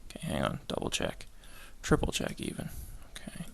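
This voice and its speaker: A man's voice: moderate pace, background noise. A man narrating his model kit build, muttering and whispering to himself as he works, with jokey self-mocking asides. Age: adult with children. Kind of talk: hobby build video narration.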